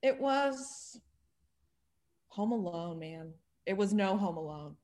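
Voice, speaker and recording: A woman guesting on a podcast in casual chat, dry and deadpan, often pausing with ums. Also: mid-range voice.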